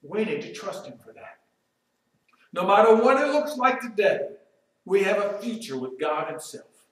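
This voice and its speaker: Man, preacher, sermon, slow delivery, emphatic swings from loud to quiet, distant in a very echoey church. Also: sits high, sing-song. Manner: emphatic, rises loud when quoting Job, drops quiet and slow to reflect. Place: church sanctuary. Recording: very echoey room, voice from far off.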